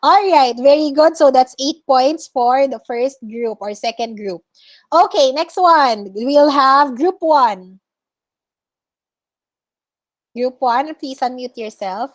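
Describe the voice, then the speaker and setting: Filipino woman teacher, high voice, patient corrections, video call. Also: takes it slowly. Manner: patient, corrects pronunciation word by word. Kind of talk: online class lesson.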